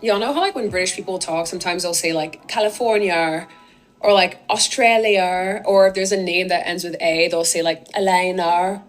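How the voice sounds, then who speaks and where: A woman making a social media explainer, talking in a chatty, animated way and filling her speech with "like". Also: lowish voice, brisk, few pauses, soft background music. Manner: animated, chatty, uses "like" a lot. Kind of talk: casual explainer video.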